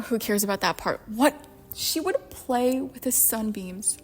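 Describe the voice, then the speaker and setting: A woman's voice: a little high, animated, unhurried, soft background music. Fed-up young woman ranting. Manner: exasperated, sarcastic, profane. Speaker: book commentary vlogger. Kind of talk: ranting book commentary.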